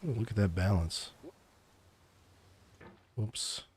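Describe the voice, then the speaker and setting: Male streamer, very low mellow voice, whispered role-play, teasing and calmly menacing, close mic. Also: slow pace, slight background noise. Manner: soft, teasing, mock-menacing calm. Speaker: VTuber streamer.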